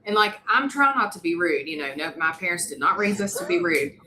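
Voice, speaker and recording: A woman, co-hosting a podcast and telling an animated, funny story in casual chat. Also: fairly low pitch, fairly quick, poor audio. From West Virginia. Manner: animated, laughing, mimics voices in her stories. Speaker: podcast co-host.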